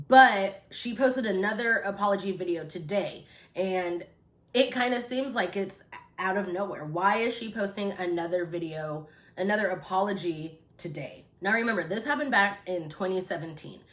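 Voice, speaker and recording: A woman's voice: medium pitch, moderate pace, fairly bright tone, roomy sound. A woman hosting her own channel, chatting casually and rambling with many fillers, recorded on a phone. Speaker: YouTube commentary host. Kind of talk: casual chit-chat commentary.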